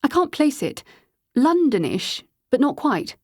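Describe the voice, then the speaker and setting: A woman reading the part of a formal, courteous young English gentleman from the 1920s in an audiobook. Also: high-pitched, very animated, measured pace, husky, no room sound, studio quality, pitched above the performer's own voice, heavily acted. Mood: politely curious.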